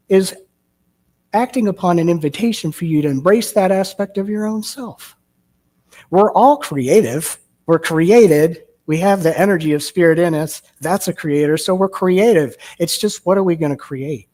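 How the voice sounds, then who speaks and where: A man's voice: high voice, dark tone. A male minister giving a sermon, telling a story and asking rhetorical questions. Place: church sanctuary.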